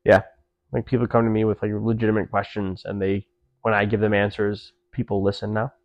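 A man's voice: lowish voice, little pitch movement, fairly quick, highs cut off. Laid-back guy in his twenties chatting. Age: 20s. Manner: laid-back, swears freely, lots of "like" and "dude". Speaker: podcast guest. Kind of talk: casual chat.

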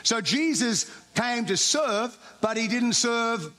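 A man's voice: extremely high pitch, lively intonation, slow pace, pushed and bright. A man preaching a sermon in an informal, conversational way. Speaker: pastor.

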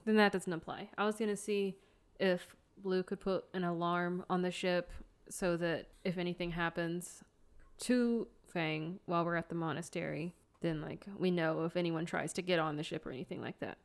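Low-voiced practical woman player. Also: steady tone, normal speed, vocal fry. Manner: practical, planning aloud. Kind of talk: casual tabletop role-play.

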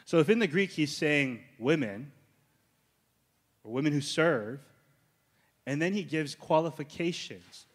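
Pastor teaching in a reverberant hall. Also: male voice, on the high side, lively intonation, a little slow, long pauses. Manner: conversational, checks in with the congregation often. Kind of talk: teaching sermon.

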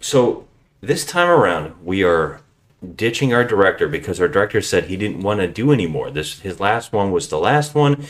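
A man's voice: low voice, sing-song. A man hosting a podcast in casual, jokey chat with friends. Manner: jokey, quick banter. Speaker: podcast host.

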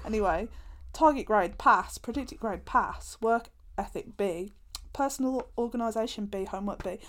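A woman's voice: mid-range voice, normal speed. A young woman, chatting casually on a podcast and giggling while she reads old school reports aloud with a friend. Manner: giggly, jokey, reminiscing with a friend. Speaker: podcast co-host.

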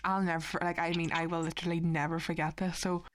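A woman's voice: fairly low pitch, fast talker, a little hiss or hum. Chatty Northern Irish woman in her twenties. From Northern Ireland. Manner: animated storytelling, acts out quoted voices. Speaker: podcast co-host. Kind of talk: casual chat.

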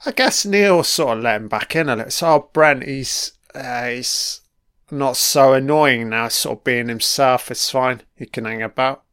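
A man's voice: medium pitch, a little slow, fairly bright tone, clean tone. A man giving a casual, sweary audio commentary and calling his listeners "man" as an emotional, enthusiastic fan. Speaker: podcast commentator.

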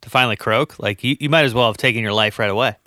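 Bright-voiced man in casual podcast chat. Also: medium pitch, racing, no room sound, studio quality. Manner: rambling, stammers and restarts, animated asides. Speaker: podcast co-host. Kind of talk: casual movie discussion.

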